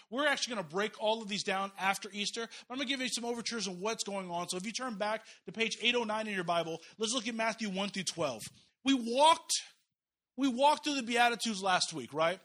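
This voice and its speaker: A man in his thirties preaching a sermon, telling stories and voicing the people in them. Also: high voice. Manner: animated preaching with voiced quotes and asides. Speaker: pastor.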